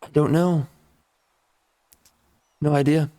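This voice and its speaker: A man's voice: on the high side, steady tone, slow, warm tone. A man giving casual gameplay commentary, ranting in a mock-outraged, sarcastic way. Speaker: strategy game YouTuber.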